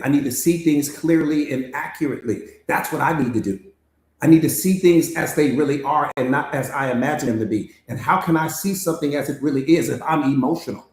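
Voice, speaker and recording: Male motivational coach preaching hard, repeats himself a lot, high-ish voice, echoey room. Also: darkish tone. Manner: emphatic, repetitive, preaching. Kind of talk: motivational master class talk. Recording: roomy echo.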